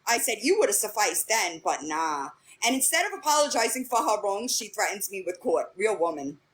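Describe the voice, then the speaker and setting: With slight background noise behind her, a young livestream host speaks fairly quickly and very animatedly at a medium pitch. She's ranting casually, recounting an argument line by line in blunt terms and with lots of swearing.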